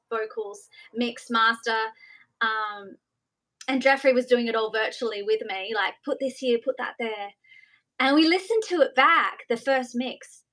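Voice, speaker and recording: A woman's voice: fairly high pitch, bright, forceful tone, poor audio. A woman singer, a guest chatting in a bubbly, giggly way on a live video call interview. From Australia. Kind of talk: casual live interview chat.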